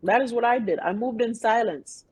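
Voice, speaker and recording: A woman in her fifties, a guest in a casual interview, telling her story in an emphatic, animated way. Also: fairly high pitch, moderate pace, breathy edge, dry recording, poor audio. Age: 50s. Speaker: interview guest, private pilot.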